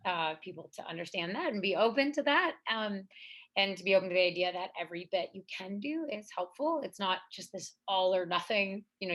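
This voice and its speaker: Chatty young woman, animated and quick. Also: medium pitch. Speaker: pro athlete. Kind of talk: panel discussion.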